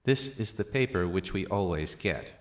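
A man teaching a language lesson, reading out practice sentences and their translations slowly and deliberately, with softer asides. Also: lively intonation. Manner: slow and deliberate, with soft low asides.

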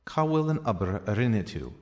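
A man teaching a language lesson, reading out practice sentences and their translations slowly and deliberately, with softer asides. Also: sing-song. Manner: slow and deliberate, with soft low asides.

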